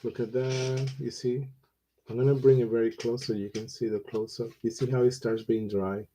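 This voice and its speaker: A man teaching watercolor, talking through his painting in a relaxed, unhurried way with pauses and fillers. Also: mid-range voice, slight background noise, rough recording. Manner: slow, thinking aloud while he paints, with pauses and fillers.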